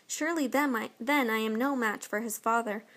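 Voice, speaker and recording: A woman voicing a boastful, gluttonous male giant with a loud, blustering manner in a storybook reading. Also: extremely high pitch, normal speed. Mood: uneasy.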